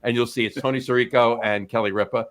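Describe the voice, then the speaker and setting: A man's voice: medium pitch, steady tone, fast, a bit bright. A man, co-hosting a podcast in casual chat, rambling with many restarts. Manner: rambling, full of restarts and fillers. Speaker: podcast co-host.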